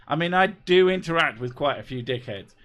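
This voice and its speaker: A man's voice: a little high, animated, fairly quick, fairly bright tone. Laid-back, sweary man streamer. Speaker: YouTuber reading live chat. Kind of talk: casual live-stream chat.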